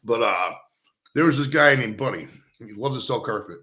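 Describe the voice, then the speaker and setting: A man talking loose and rambling, full of swearing and calling everyone dude. His voice sits at an ordinary pitch. It rings in an echoey studio room. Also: lively intonation, normal speed, pushed and bright. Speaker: host. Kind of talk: casual stoned chat.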